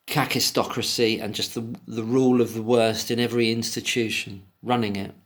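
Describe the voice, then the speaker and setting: Reading an article aloud in a solo commentary, a man with a fairly low voice stops between passages to vent in emotional, indignant tirades full of swearing. He keeps going back to the text, only to flare up once more.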